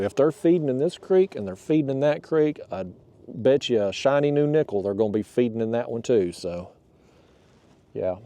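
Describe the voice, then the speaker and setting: A man's voice: mid-range voice, dark tone. A man hosting a fishing vlog from a kayak outdoors. He talks in a folksy, chatty way and speaks to the fish while recorded on a boat-mounted camera. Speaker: kayak fishing channel host. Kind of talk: casual on-the-water vlog talk.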